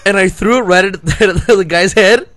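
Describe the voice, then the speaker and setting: A male podcast co-host with a high-pitched, fairly bright voice tells a long, rambling story at a moderate pace, heavy on "like," restarts and laughter. The recording is dry.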